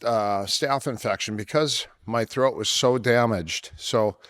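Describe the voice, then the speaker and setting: A middle-aged man, an MMA coach, telling long stories in a casual interview, rambling with many fillers and restarts, his voice worn from years of yelling. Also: medium pitch, slow pace. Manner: rambling anecdotes with many fillers and self-corrections.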